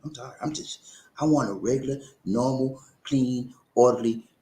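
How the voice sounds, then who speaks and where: This man hosts a casual livestream where he reads out what viewers write, delivering it with animated, preachy energy, repeated phrases, and frequent laughter. His pitch is medium, his pace moderate, and the sound roomy.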